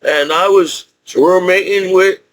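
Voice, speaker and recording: Middle-aged guy with a high voice rambling on about himself, keeps chuckling, loops back a lot. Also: steady tone, takes it slowly, fairly bright tone, slight background noise, rough recording. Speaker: military veteran vlogger. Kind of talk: rambling personal monologue.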